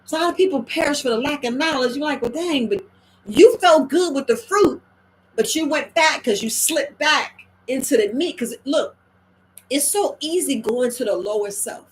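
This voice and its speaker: A middle-aged woman herbalist talking in a casual, animated monologue, slipping into quoted voices and slang. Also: sits high, moderate pace, a little hiss or hum, poor audio. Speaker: herbalist host.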